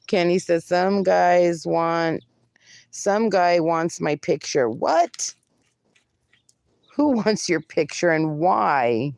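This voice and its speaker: A woman's voice: lowish voice, expressive, drawn-out words, gravelly, a little mellow, no echo. A woman livestreaming, reading viewer comments aloud and bantering with them, laughing often. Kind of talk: casual live-stream chat.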